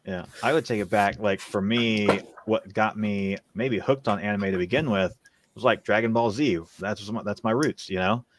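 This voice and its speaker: A man's voice: lowish voice, moderate pace, slight background noise. A man on a casual podcast, reflective, telling stories about what he watched. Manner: reflective, storytelling. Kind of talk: casual chat.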